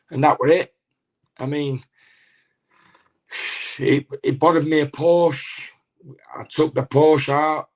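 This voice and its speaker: A middle-aged man tells an anecdote in a casual interview, halting often with restarts and fillers. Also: mid-range voice, creaky. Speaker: former boxer, interview guest.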